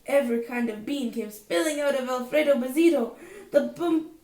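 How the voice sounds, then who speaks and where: A woman's voice: high-pitched, a little fast, far from the mic. Woman reading a bedtime storybook aloud. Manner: expressive, sing-song reading with playful voices. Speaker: storybook reader. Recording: echoey home room.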